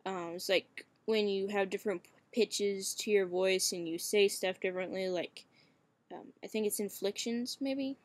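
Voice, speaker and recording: A man's voice: sits high, moderate pace. Hesitant young man, cracking voice. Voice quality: voice cracks and turns shaky. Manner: hesitant, many fillers, frequent swearing. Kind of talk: casual webcam vlog.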